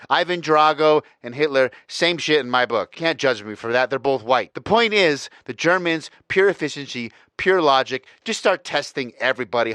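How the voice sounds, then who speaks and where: A young man from Florida talks through a loose, profane podcast monologue, rambling from point to point and cracking jokes. His voice sits at an ordinary middle pitch. The recording is close and dry. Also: fairly bright tone, no echo. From Florida, USA. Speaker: podcast host. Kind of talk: casual monologue.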